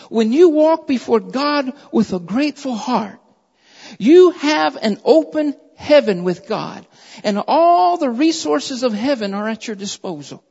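A man's voice: very high-pitched, animated, vocal fry, a little mellow. Preaching man in an echoing hall. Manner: emphatic, repeats phrases, addresses listeners as beloved; reads scripture aloud in a measured way. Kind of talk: sermon. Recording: dull lo-fi recording in a reverberant hall.

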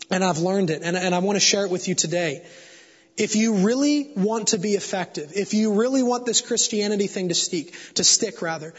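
A man's voice: high voice, husky. A man preaching a sermon to a congregation, telling an earnest, confessional story and building to fervent exhortation. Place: church sanctuary before a congregation. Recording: dull sound with long hall reverb.

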